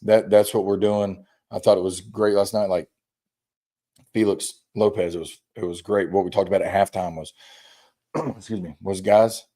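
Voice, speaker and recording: Speaking as a high school football coach, a man with a low, mellow voice chats casually, rambling through stories and acting out what his players said. His intonation stays fairly even and his speed is normal.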